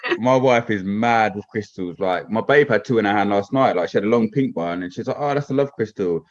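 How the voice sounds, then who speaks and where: A man's voice: fairly low pitch, fairly quick, muffled recording. A man talking as a podcast guest in casual, rambling chat, often checking "do you know what I mean".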